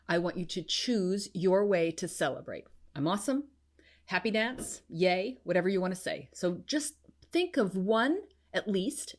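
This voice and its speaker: A middle-aged woman hosting a business-coaching podcast solo, bubbly and encouraging, breaking into high cheers. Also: darkish tone. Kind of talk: enthusiastic solo podcast talk.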